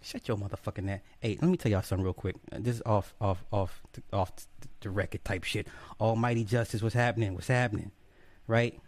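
A man's voice: lowish voice, a little fast, a little mellow, dry recording. Casual, profane man streaming live. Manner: profane, joking, greets viewers by name one after another. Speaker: livestream host. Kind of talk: casual livestream chat.

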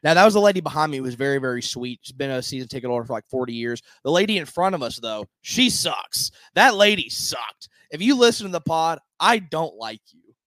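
A fairly high-voiced man co-hosting a sports podcast, his pitch leaping around as he tells stories. He laughs often and acts out what other people said. The sound is dry and close. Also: a little fast, few pauses, no room sound. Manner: animated storyteller, laughs often, acts out quotes. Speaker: podcast co-host. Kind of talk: casual sports podcast chat.

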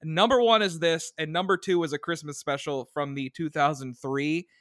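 A man's voice: on the high side, steady tone, normal speed, fairly bright tone, no echo, clean studio sound. A man co-hosting a casual chat, laughing often and rambling through his stories. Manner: laughs a lot, rambling with restarts and fillers. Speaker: podcast co-host.

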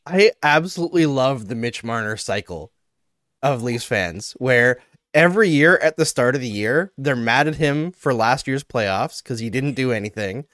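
A male podcast host chats casually and tells stories with a wry touch. His medium-pitched voice has lively intonation, a moderate pace, and a fairly bright tone, recorded at studio quality with no room sound.

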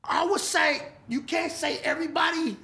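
A man being interviewed, talking loudly in casual street slang and swearing freely. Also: very high-pitched, moderate pace, vocal fry. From Texas. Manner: loud, animated street talk with frequent profanity. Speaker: interview guest.

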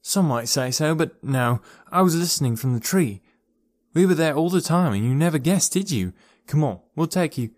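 Kind young woman, as a male narrator puts her on, higher voice, gentle, reassuring, firm, dry sound. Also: lively intonation, normal speed, dry recording, lightly acted. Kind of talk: audiobook character voice.

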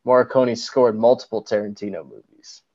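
A young man with a mid-pitched voice, recapping a movie scene with loose, rambling energy. The sound is slightly muffled and lo-fi. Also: steady tone, normal speed, darkish tone. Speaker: podcast co-host. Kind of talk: casual film chat.

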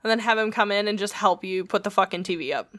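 A woman's voice: medium pitch, quick pace, fairly bright tone. Lady friend chatting, blunt and wry, swears casually. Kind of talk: casual chat.

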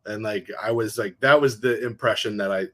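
A man's voice: fairly low pitch, brisk, sharp tone. A man who is a guest director, talking about a film in a casual, earnest and reflective way. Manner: earnest, reflective, many "like" fillers. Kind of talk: casual movie discussion.

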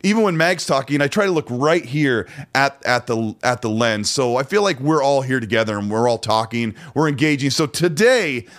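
A man's voice: medium pitch, lively intonation, moderate pace, few pauses, a bit bright. Laid-back, rambling man hosting a podcast. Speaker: podcast host. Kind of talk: casual chat.

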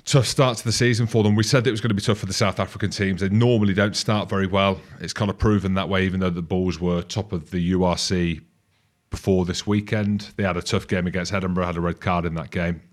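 Low-voiced man in his forties, chatty rugby pundit. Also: steady tone, quick pace. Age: 40s. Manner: jokey, teasing. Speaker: podcast co-host. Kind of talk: casual rugby chat.

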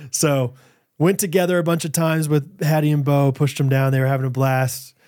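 A man in his thirties co-hosting a podcast, telling stories in casual chat and acting out shouted quotes. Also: a little high, normal speed. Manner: animated storyteller, acts out shouted quotes. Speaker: podcast co-host.

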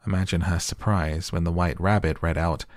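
A man calmly and slowly narrating a storybook to help listeners sleep. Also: deep voice, no room sound, studio quality. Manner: calm, slow, soothing. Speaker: audiobook narrator. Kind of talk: soft bedtime storybook reading.

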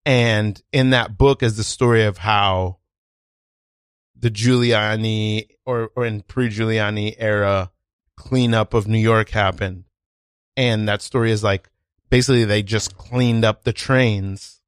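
A man's voice: lowish voice, fairly even intonation, a little slow, clear, resonant tone, dry recording. A man hosting a podcast, chatting casually and reacting to his guest. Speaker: podcast host. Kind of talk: casual chat.

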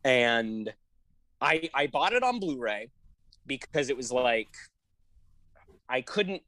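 A woman co-hosting a podcast in casual chat, gushing and excitable, often laughing and swearing. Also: a bass voice, slow pace, dry recording, studio quality. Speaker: podcast co-host.

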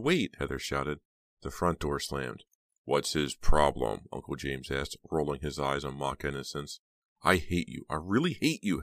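Very deep-voiced man reading an audiobook. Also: dry recording. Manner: steady, measured reading. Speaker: audiobook narrator. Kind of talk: audiobook narration.

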